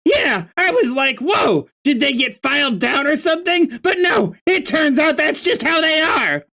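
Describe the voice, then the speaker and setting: A reader voicing a hot-tempered young male troll who shouts and rants in exasperation. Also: high-pitched, expressive, a little slow, pitched above the performer's own voice, full character voice. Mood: angry ranting.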